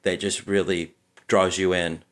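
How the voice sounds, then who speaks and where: A man co-hosting a podcast, calmly explaining book cover design in an easygoing way, with many "you know"s and restarts. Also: low voice, unhurried. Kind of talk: casual explanatory chat.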